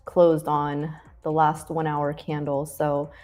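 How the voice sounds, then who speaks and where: A woman co-hosting a live trading stream, chatty and quick to laugh, thinking aloud with fillers. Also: sits low, monotone, warm tone. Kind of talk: casual live-stream chat about futures trading.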